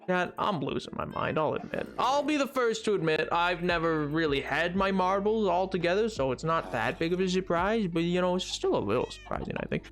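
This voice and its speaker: A man's voice: high-pitched, expressive, fairly quick, few pauses, a bit bright, soft background music. A man streaming a game, rambling and joking with his viewers in casual chat. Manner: rambling, jokey, chatting to viewers.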